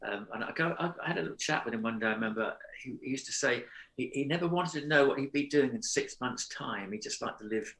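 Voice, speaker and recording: A man, an actor on a reunion panel, reminiscing in a measured way. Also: medium pitch, gravelly, fairly bright tone. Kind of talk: casual reminiscing. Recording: echoey room.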